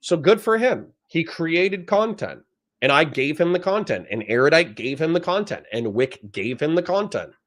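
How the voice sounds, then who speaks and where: A man's voice: fairly high pitch, very animated, moderate pace, a bit bright. A man on a livestream reading chat comments aloud and answering them in a blunt, profane, lecturing rant.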